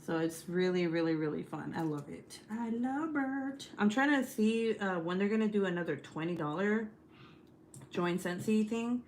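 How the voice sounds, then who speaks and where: A woman's voice: lowish voice, moderate pace, a little mellow, slight background noise. A young woman hosting a casual livestream, chatty and profane, leaning on lots of "like" fillers. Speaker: YouTube host.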